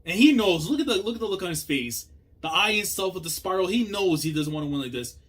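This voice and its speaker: A young man hosting a manga reaction, talking casually in slang and swinging between low muttering and loud outbursts. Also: expressive, fast talker, husky.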